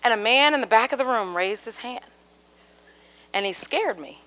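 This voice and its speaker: Woman speaker, high pitch, bright tense tone, animated storyteller, live seminar. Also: normal speed. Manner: animated storyteller, acts out quoted voices. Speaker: communication speaker. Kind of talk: live seminar talk with audience participation. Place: seminar room with live audience.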